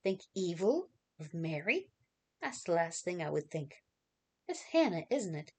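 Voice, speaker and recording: A woman's voice: on the low side, sing-song, measured pace, darkish tone, breathy edge, heavily acted. A woman reading aloud as a prying villager who asks probing questions in a raised voice.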